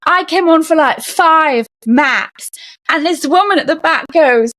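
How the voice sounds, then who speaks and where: Woman guest on a podcast telling stories, kinda high voice, acts out the people in her stories, dry close sound. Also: moderate pace, no echo. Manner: animated storyteller, acts out quoted voices. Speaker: podcast guest, comedian and author. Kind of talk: casual interview talk.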